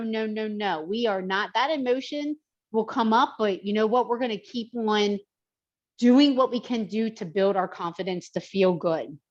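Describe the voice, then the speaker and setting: A woman's voice: on the high side, dull audio. A woman personal trainer talking in a podcast conversation, emphatic and heartfelt.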